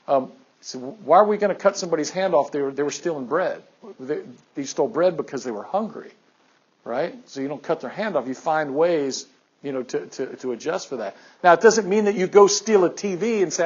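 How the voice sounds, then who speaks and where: A man teacher giving an animated classroom lecture, firing questions at his students. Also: fairly high pitch, slightly rough, highs cut off.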